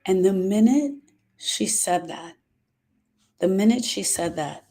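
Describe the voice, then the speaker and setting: A middle-aged woman speaking as a grief specialist, talking earnestly to her followers and slowing down on emotional points. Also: mid-range voice, warm tone. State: emotional, short of breath at moments. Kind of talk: personal talk to followers.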